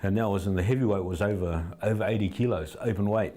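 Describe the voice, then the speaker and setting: A man's voice: on the low side, quick pace, warm tone. A middle-aged man, telling rambling anecdotes with many restarts as an interview guest. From New Zealand. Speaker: fight trainer, interview guest. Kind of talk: casual interview storytelling.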